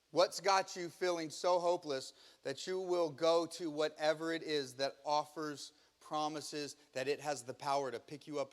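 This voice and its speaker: A male pastor preaching a sermon, emphatic, acting out the scenes he tells. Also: fairly high pitch. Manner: emphatic, acts out scripture scenes. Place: church.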